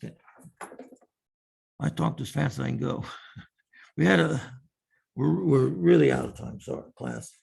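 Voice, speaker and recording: Gravelly-voiced male professor lecturing. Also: mid-range voice, normal speed, long pauses, darkish tone. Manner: explains step by step, repeating key terms. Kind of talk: university lecture. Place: classroom.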